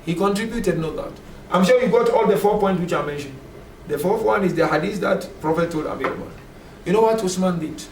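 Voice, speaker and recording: High-voiced man teaching in an echoey room. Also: fairly quick, darkish tone. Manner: conversational, often asks the class "you know". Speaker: religious teacher. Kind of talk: classroom lecture on scripture. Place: classroom at a community center. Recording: echoey room from far off, faint noise.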